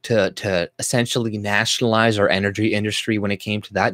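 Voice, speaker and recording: A man's voice: lowish voice, a little fast, hardly any pauses, no room sound, studio quality. A Canadian man hosting his own channel, ranting bluntly and profanely on a livestream while reading viewer comments, with lots of fillers and restarts. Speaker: YouTube channel host.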